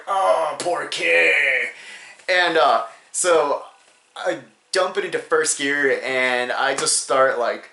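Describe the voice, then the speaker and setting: A young man telling a comedic high school story in a rambling way, with many fillers and laughs between phrases. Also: sharp tone. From New Hampshire, USA. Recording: roomy echo.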